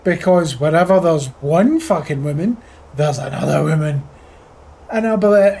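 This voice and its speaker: A man's voice: a little high, animated, normal speed, gravelly, a little mellow, husky. A Scottish man chatting casually on a flight sim live stream, full of crude, profane joking banter with his chat. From Scotland.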